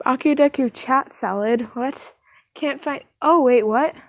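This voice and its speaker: A woman's voice: high-pitched, no echo. Giggly girl reading fanfic aloud. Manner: giggly, rambling, filler-heavy. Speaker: fanfiction reader.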